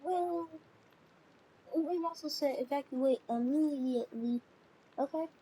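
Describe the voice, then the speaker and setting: A woman's voice: sits high, a little slow, mellow. A woman narrating a pretend play scene and talking as a bossy, chatty mother figure. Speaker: toy role-play narrator. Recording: noisy home recording with clicks.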